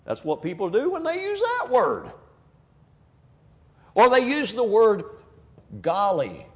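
A man's voice: sits high, huge pitch swings, slow pace. A man preaching a sermon, speaking emphatically and acting out quoted people as he makes his point. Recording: long hall reverb.

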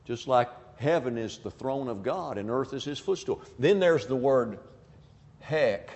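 A man's voice: mid-range voice, animated, unhurried, darkish tone, muffled recording. A man preaching a sermon, speaking emphatically and acting out quoted people as he makes his point. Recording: long hall reverb.

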